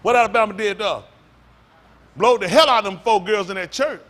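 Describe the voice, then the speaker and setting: A male pastor preaching loudly and quizzing his congregation, asking questions and calling on listeners. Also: high-pitched, brisk. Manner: loud, rhetorical, questions the congregation. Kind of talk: sermon with audience back-and-forth. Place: congregation hall.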